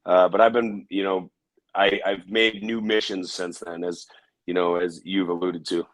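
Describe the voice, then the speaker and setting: A man with a fairly low voice recounts his past in a casual interview. He talks haltingly, with restarts and filler words. The recording is dry and close. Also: little pitch movement, no room sound, rough recording. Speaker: interview guest.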